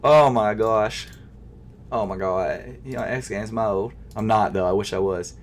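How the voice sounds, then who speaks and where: A young man giving casual running commentary as he tries to buy sneakers online, nervous and frustrated, swinging from loud outbursts to quiet mumbling, with keyboard typing behind him. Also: lowish voice, measured pace, a little hiss or hum. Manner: nervous, stuttering. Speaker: sneaker vlogger. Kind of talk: casual live commentary while shopping online.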